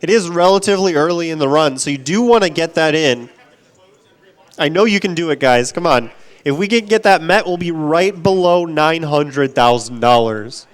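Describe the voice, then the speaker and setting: A man's voice: on the high side, expressive, normal speed. A man with a slightly raised voice reads donation messages aloud at a live gaming marathon. He sounds upbeat and keeps pushing the audience to give toward the next goal. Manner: upbeat, urging viewers to donate. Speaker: donation reader. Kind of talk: live charity stream donation reading. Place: event stage.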